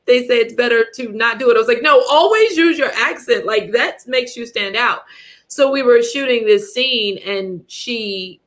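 A woman's voice: a little high, normal speed. A woman director in an interview, animatedly telling stories, laughing often and acting out what people said. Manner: animated storyteller, laughs often, acts out quotes. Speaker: director and writer, guest. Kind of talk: casual interview chat.

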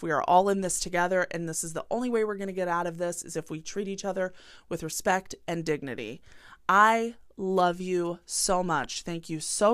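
A young adult woman hosting her own podcast, talking bluntly and passionately and swearing freely, then winding down into a warm sign-off. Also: fairly low pitch, no room sound, clean studio sound. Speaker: podcast host. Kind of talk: solo podcast rant and sign-off.

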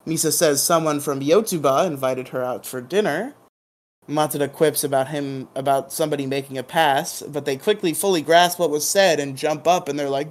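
Podcast co-host, casual recap, playful, hums sound effects, mid pitch.

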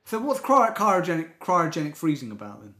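A man co-hosting a comedy podcast, talking in a quick, animated, jokey way. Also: fairly high pitch. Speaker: podcast co-host. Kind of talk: casual comedic chat.

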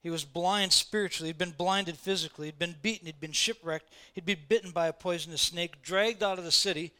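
Bright, high-voiced male preacher. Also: fairly quick, clear, resonant tone. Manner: conversational preaching, acting out quoted voices, repeats phrases for emphasis. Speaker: pastor. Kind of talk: sermon.

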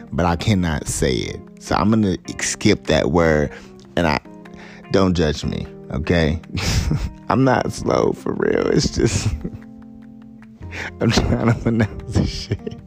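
Deep-voiced, rambling, profane man. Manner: rambling, profane, laughs often; stumbles over words. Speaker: podcast host. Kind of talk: casual solo commentary.

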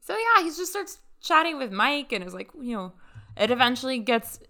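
A woman casually telling a story on a podcast, chatty and animated, acting out what others said. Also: high voice, moderate pace. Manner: chatty, animated retelling with quoted dialogue. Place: lives in Las Vegas.

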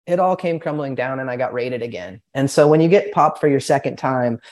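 A man's voice: mid-range voice, expressive, fairly quick, darkish tone. Guy rambling thru a story, swears a lot, tons of likes and ums, casual podcast vibe. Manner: rambling, profane, full of filler words. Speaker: podcast guest.

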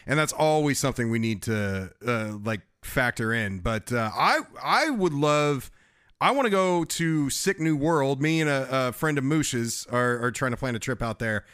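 A man's voice: mid-range voice, expressive, moderate pace, few pauses, a bit bright, clean tone, no echo, clean studio sound. A man chatting casually as a guest on a music podcast, rambling and restarting his sentences, with some swearing. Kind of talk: casual chat.

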